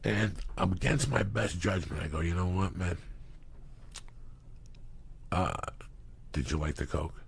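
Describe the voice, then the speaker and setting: Speaking a little slowly and leaving long pauses, a middle-aged New Jersey man tells profane stories as a guest in casual conversation. His gravelly voice is low-pitched, and he performs the quoted lines with animation.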